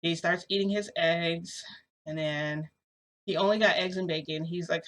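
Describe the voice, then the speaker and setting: A woman telling a long story to her camera in a rambling, animated way, with lots of fillers, filmed indoors at home. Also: on the low side, normal speed. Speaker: vlogger. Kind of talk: casual storytelling vlog. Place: indoors at home under a bright light.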